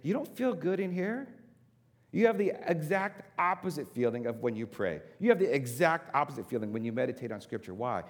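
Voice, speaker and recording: A man's voice: fairly high pitch, sing-song, a little fast. A man preaching a sermon, repeating words for emphasis and turning to the congregation with casual asides. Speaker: pastor. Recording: long hall reverb.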